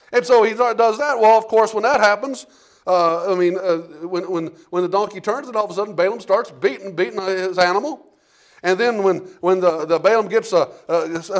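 A man preaching a sermon in a folksy, animated storytelling way, often asking the congregation "Amen?". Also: high-pitched.

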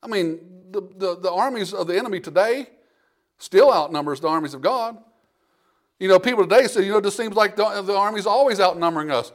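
A man with a high voice delivering a sermon. He preaches conversationally, restarting phrases and acting out the people in the story. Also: brisk. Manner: conversational preaching with frequent restarts and acted-out quotes. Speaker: pastor.

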